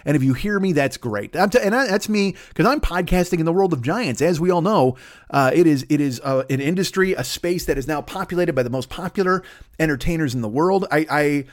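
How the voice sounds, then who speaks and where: A man's voice: fairly high pitch, animated, a little fast. A man hosting a solo comedy podcast from his desk at home, rambling, swearing constantly and running himself down. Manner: profane, rambling, self-deprecating. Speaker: podcast host.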